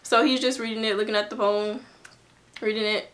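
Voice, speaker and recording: A woman's voice: medium pitch, fairly even intonation, fairly quick, a bit bright. A young woman telling a personal story to her camera in a casual, chatty way, full of fillers and restarts. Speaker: vlogger.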